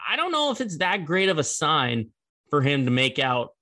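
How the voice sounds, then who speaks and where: A man's voice: fairly high pitch, wildly swooping pitch, normal speed, bright, forceful tone. A young man hosting a casual sports commentary show, chatty and rambling, laughing at the story.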